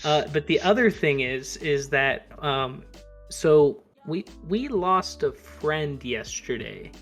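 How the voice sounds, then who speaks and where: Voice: mid-range voice, lively intonation, takes it slowly, soft background music. A player speaking in character in a tabletop game, joking and rambling with restarts. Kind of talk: casual in-character play.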